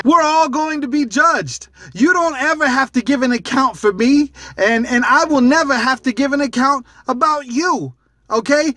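High-voiced man preaching animatedly. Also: moderate pace, dry recording. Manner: animated, conversational preaching with repeated phrases. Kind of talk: devotional video message.

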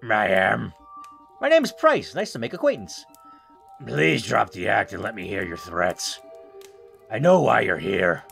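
Brief: gravelly old forest hermit, crude and sarcastic, voiced by a man reading the game. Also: lowish voice, very animated, unhurried, long pauses, fairly bright tone, faint music behind, heavily acted. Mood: suspicious. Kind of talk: voicing game dialogue.

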